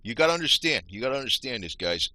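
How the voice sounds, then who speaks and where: Fast and sing-song, a vlogger's medium-pitched voice comes across pushed and bright in a dry recording. He rambles irritably through a screen-share rant, explaining his screen and addressing viewers as "you guys."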